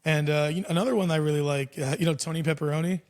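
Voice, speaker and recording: A man's voice: on the high side, fairly even intonation, racing. A young man hosting a podcast in casual chat. He is laid-back and swears freely, with lots of "dude" and "like.". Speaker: podcast host and comedy show booker.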